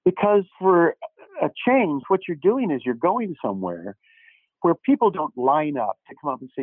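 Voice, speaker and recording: An older man, an actor guest, telling lively anecdotes and acting out the dialogue, with many false starts. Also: fairly high pitch, normal speed, dry recording. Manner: animated storyteller who acts out quoted dialogue, with frequent restarts. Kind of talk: anecdotal interview storytelling. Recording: dry, tinny phone-like line.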